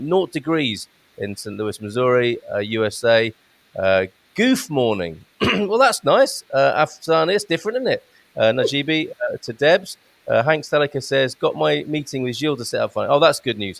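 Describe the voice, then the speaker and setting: Man, host, gravelly fry, casual live-stream chat, reads viewer comments, video call. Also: a little high, no echo. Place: home in Portugal.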